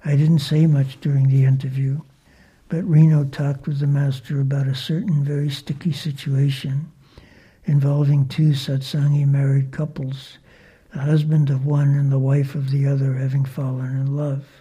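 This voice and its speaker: Soft-spoken husky storyteller, half whispering. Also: medium pitch, little pitch movement, normal speed. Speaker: disciple recounting memories of a spiritual teacher. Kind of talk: spoken personal recollection.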